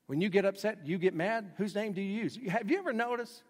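A man preaching a sermon as pastor, dramatic, swinging between loud bursts and hushed lines. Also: high-pitched, brisk, in a large hall.

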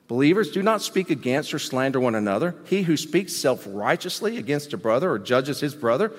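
A man preaching a sermon as pastor, animated, swinging between loud emphasis and quiet asides. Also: mid-range voice. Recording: long hall reverb.

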